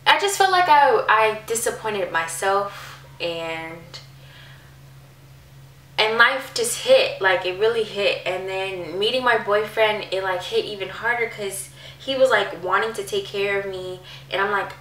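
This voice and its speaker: A woman's voice: mid-range voice, a little slow, sharp tone, distant mic. Emotional young woman in an echoey room. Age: 20s. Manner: emotional, confessional, many fillers. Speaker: vlogger. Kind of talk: candid personal vlog.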